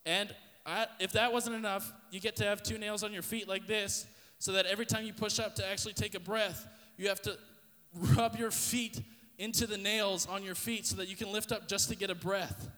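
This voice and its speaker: A man's voice: high-pitched, steady tone, normal speed, pushed and bright, big-room sound. A man preaching a sermon, retelling a story intensely and vividly, with repeated restarts.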